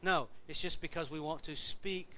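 A man preaches a relaxed, folksy sermon in a church, teasing members of his congregation by name. His voice sits a little high. A faint low rumble runs under the recording. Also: moderate pace. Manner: folksy, joking, chatty with congregation. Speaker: pastor. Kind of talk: casual sermon.

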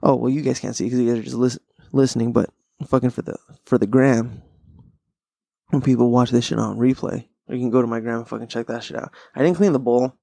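Medium in pitch but dark, with vocal fry and no echo, this solo podcast host speaks right up on the microphone. He meanders in a relaxed stoner manner and swears a lot.

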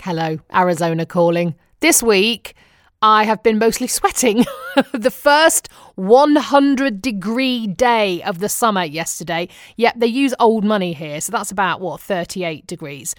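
A woman's voice: medium pitch, animated, measured pace, dry recording, studio quality. A woman from Manchester with a Northern English accent, chatting in a casual diary vlog with wry humor. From Manchester, England. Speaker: vlogger.

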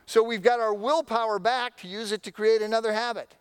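A man's voice: high-pitched, fairly even intonation, brisk, clear, resonant tone, no room sound. A man preaching a sermon in a conversational storytelling way, candid and self-deprecating. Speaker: pastor.

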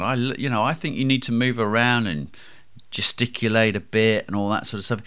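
Booming, lively man giving advice. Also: brisk. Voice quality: projecting, booming voice. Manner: lively, emphatic, varies pace and loudness for effect. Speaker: podcast host. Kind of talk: presentation skills advice podcast.

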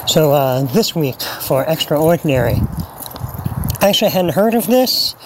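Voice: mid-range voice, lively intonation, a little slow, noisy background. A person sending a recorded voice message to a podcast, hesitant with many ums and uhs.

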